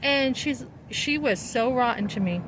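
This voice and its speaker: A woman's voice: high-pitched, lively intonation, a little slow, background noise. A middle-aged woman in a casual vlog, telling a story in an indignant, rambling and emphatic way. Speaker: vlogger.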